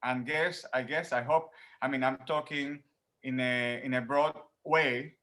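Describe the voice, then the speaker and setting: A man from Rico, a professor answering interview questions in an animated way, laughing often and repeating words as he thinks, talking from home. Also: medium pitch, unhurried. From Puerto Rico. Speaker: professor guest.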